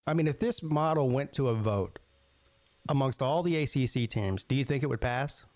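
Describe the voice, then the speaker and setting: A man's voice: medium pitch, moderate pace, a little mellow, no echo. A man co-hosting a sports podcast, easygoing and reasoning aloud with hesitant fillers. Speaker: podcast co-host. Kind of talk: casual sports talk.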